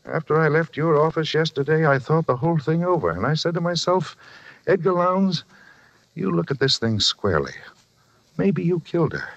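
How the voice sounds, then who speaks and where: A man's voice: fairly high pitch, lively intonation, normal speed, creaky, no room sound. An actor playing a boastful, self-justifying former railroad brakeman who is a psychiatrist's patient, in a 1940s radio drama. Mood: defiant. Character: shifty middle-aged man, a former railroad brakeman. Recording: dull old radio recording.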